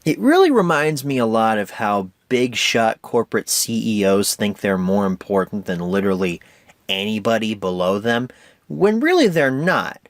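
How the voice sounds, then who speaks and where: A young man hosting a casual home media review, animated and rambling, often correcting himself. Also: fairly low pitch, moderate pace, dry recording.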